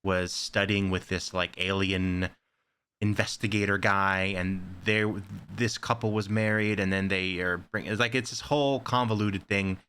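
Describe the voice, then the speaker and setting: A man co-hosting a casual horror podcast, rambling excitedly with lots of "like" fillers. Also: sits low, unhurried, clear, resonant tone. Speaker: podcast co-host. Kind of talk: casual chat.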